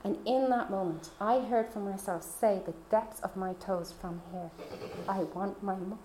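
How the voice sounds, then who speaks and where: A woman's voice: mid-range voice, normal speed, noisy background. Heartfelt woman sharing her faith testimony. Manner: heartfelt, confiding storytelling. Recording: roomy echo.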